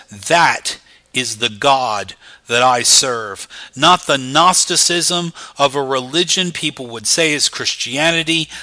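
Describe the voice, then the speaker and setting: Emphatic bright-voiced male preacher. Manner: emphatic, dramatic swings from loud high emphasis to low quiet lines. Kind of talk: sermon.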